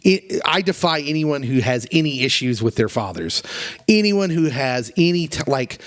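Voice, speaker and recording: A man co-hosting a podcast in casual chat, retelling movie scenes with animated, emotional delivery. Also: mid-range voice, moderate pace, no echo. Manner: animated, emotional, acts out quotes in raised voice. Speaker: podcast co-host.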